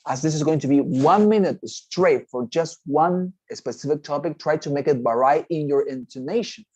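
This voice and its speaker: Poor audio without echo carries a man's slightly high, husky, darkish voice at a normal speed. He's teaching a TOEFL prep lesson in a recorded lecture, going step by step, checking in with "okay?" a lot and restarting his phrases.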